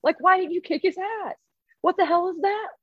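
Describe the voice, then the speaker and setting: A woman voicing a crowd of angry villagers as she tells a story, scolding in a high, exasperated voice. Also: normal speed, no room sound, dull audio. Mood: indignant. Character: shrill outraged crowd of villagers.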